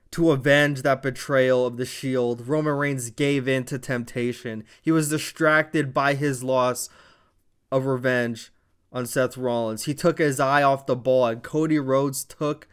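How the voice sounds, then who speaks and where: A man's voice: medium pitch, steady tone, takes it slowly, smooth. A man recapping a wrestling show in casual commentary, retelling it like a dramatic story with profane asides.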